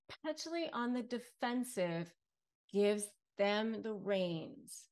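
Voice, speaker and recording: A middle-aged woman speaks straight to camera as an attorney giving advice. She talks at an unhurried, deliberate pace and leans on repeated phrases for emphasis. Her pitch sits in an ordinary middle range. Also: expressive, a little mellow. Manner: emphatic, repeats key phrases, acts out short quotes. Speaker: attorney and online coach. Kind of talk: direct-to-camera advice talk.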